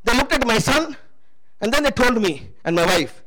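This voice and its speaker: A man's voice: very high voice, huge pitch swings, unhurried, pauses often, bright, forceful tone, rough recording. A man preaching a sermon testimony, emphatic and calling out to the congregation for responses.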